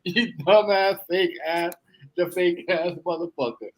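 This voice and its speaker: A man in casual chat about rappers, telling stories in an animated, profane way. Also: high-pitched, a little slow, poor audio. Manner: animated, profane storytelling with laughs.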